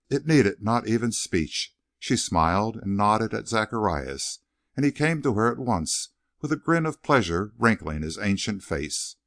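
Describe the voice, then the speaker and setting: A man narrating a western novel in an expressive storytelling manner, recorded close to the mic. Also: lowish voice, a little slow, no echo. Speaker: audiobook narrator.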